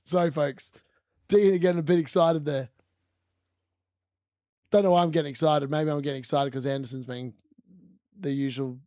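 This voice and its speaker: A man with a high-pitched voice commentates live on a fantasy football stream. He talks in a chatty, excitable way, laughs often and corrects himself mid-sentence. The sound is dry and close, with no room around it. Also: no echo. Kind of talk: live watch-along commentary.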